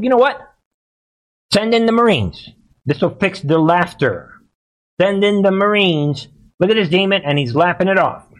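A male host delivers live-streamed political commentary in a slightly raised voice. He talks in an agitated, repetitive and preachy way. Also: a little high.

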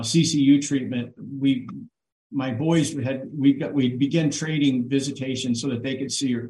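A man telling a personal story on a livestream in an earnest, halting way, with many fillers and restarts. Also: mid-range voice, a little mellow, reverberant, poor audio. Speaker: guest on a livestream. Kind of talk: emotional personal account.

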